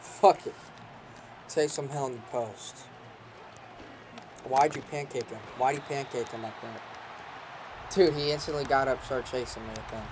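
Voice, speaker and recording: A young man casually commenting on a football video game he is playing, joking and swearing with bursts of excitement. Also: mid-range voice, a little fast, background noise. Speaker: gaming channel host.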